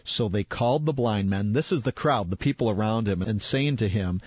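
A man with a lower voice chimes into a Bible discussion with relaxed asides and chuckles. His audio is dry, a bit dull, and set slightly back from the mic. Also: normal speed, slightly rough, no room sound.

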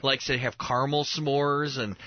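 A man's voice: medium pitch, little pitch movement, moderate pace, no room sound, dull audio. A man in his thirties, a pastor and show host, chatting casually and telling family stories with frequent chuckles and restarts. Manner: storytelling, chuckles often, restarts mid-phrase. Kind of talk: casual chat on a talk show.

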